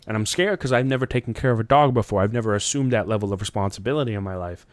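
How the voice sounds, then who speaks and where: Dude on a podcast telling a wild dream, smooth clear voice, dry close sound, cussing and laughing a lot. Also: male voice, racing, no room sound. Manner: rambling, profane, laughs often, jumps up in pitch for quoted lines. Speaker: podcast host. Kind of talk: casual chat, telling a dream story.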